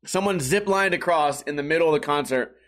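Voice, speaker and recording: A man's voice: on the high side, fairly quick, a bit bright. A man telling a casual story in a rambling, profane way, often laughing as he talks.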